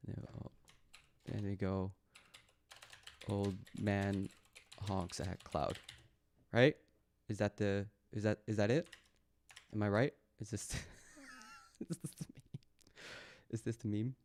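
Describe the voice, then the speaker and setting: A man's voice: on the low side, steady tone, measured pace, long pauses, a little mellow, slight background noise. A man doing casual live-stream commentary, reading posts aloud and mocking them sarcastically while talking back to his chat. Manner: reads posts aloud, then mocks them.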